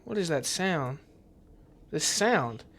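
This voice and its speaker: A player talks through a horror game, reading each line aloud in a hushed, uneasy voice. The pitch sits in the middle range and the delivery stays tense and quiet. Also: sing-song, slow pace. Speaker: gameplay commentator. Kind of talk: reading game dialogue aloud while playing.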